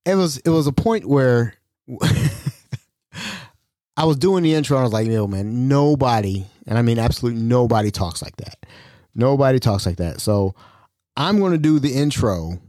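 Male podcast host, lively pitch, mellow tone, loose self-mocking chat with frequent laughs. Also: normal speed, long pauses, no echo, studio quality. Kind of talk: casual solo podcast talk.

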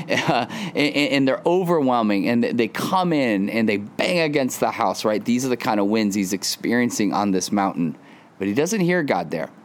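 A man preaching a sermon as pastor, earnest, rising into high pleading lines and dropping to quiet, hushed words. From Southern California. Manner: earnest, rising to high emphatic pleas, dropping to soft near-whispers.

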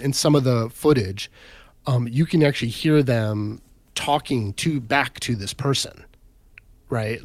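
A man's voice: medium pitch, darkish tone, no room sound. A man recounts a story in an easy, conversational way, full of fillers and little check-ins. His voice sits in a middle register. The recording is dry and close, with no room sound. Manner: rambling, filler-heavy, says "right?" and "like" often. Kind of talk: casual storytelling chat.

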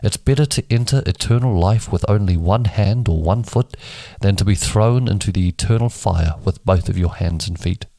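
A man's voice: fairly low pitch, normal speed, mellow, no echo. A man reading scripture aloud for a daily Bible podcast, giving each speaker a different voice for dialogue. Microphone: home microphone that keeps dropping.

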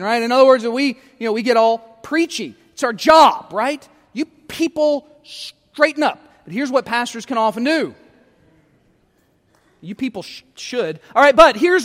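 A middle-aged man preaching a sermon as pastor, talking conversationally and poking fun at himself, often checking in with a quick "right?". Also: high-pitched, fairly bright tone, in a large hall. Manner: conversational, self-deprecating, frequent tag questions. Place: church sanctuary.

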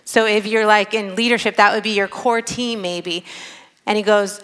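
A woman's voice: medium pitch, fairly even intonation, moderate pace, fairly bright tone, smooth. A woman preaching a sermon in an earnest, conversational way, stressing her points. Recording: long hall reverb.

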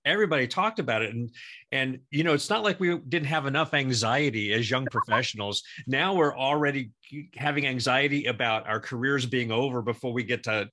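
A middle-aged man, a former child actor, co-hosting an interview in enthusiastic, halting casual chat. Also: mid-range voice, pushed and bright.

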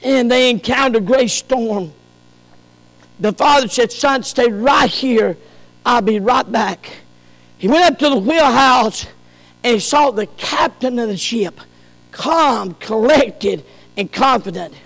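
High-voiced preacher in a reverberant hall. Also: male voice, expressive, takes it slowly. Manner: preaching that swings from shouted peaks to soft low passages. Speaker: pastor. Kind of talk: sermon.

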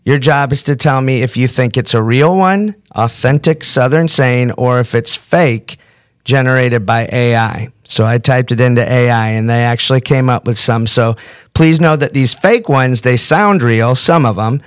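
A podcast host from the northern United States runs a quiz game, joking around and cracking puns in an upbeat way. His voice sits at a medium pitch and moves at a normal speed. The sound is clean, echo-free, and studio quality.

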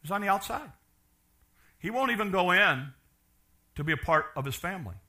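High, bright-voiced animated male preacher. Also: normal speed. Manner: animated preaching, voices quoted characters, repeats and restarts. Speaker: pastor. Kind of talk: sermon.

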